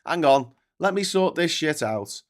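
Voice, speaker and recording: A man's voice: fairly high pitch, animated, unhurried. A man with a posh Scouse accent hosting a live political stream, talking casually with lots of swearing and restarts while he reads out and answers chat messages. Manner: rambling, sweary, stop-start with many restarts. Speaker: political livestream host.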